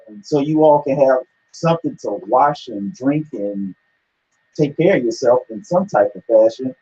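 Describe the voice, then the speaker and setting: A man's voice: medium pitch, animated, normal speed, dark tone, a little hiss or hum. A man leading a scripture discussion, bluntly scolding listeners and swearing. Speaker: co-host reading scripture. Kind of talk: preaching discussion. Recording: dull lo-fi sound.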